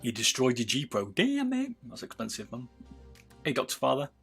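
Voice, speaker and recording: A man's voice: medium pitch, steady tone, a little fast, vocal fry, a bit bright, slightly rough, soft background music. A British man chatting casually with viewers on a livestream while soldering, calling people "mate". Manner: chatty, talks to viewers, says "mate" a lot. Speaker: livestreamer modding gaming mice.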